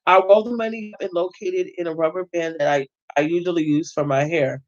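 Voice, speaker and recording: A man reading a novel aloud as host, steady but with occasional stumbles and self-corrections. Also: a little high, fairly quick, muffled recording.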